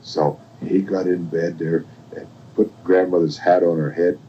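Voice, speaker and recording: Folksy older grandpa telling a bedtime tale. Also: male voice, low-pitched, fairly even intonation, measured pace, slight background noise. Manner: folksy, rambling, gentle. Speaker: grandfather reading to a child. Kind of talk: bedtime storytelling. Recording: dull lo-fi home recording.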